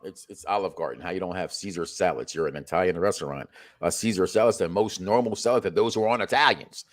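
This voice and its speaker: A man's voice: low voice, quick pace. A man hosting a casual reality-show review chat, joking and rambling, often restarting his sentences. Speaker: podcast host.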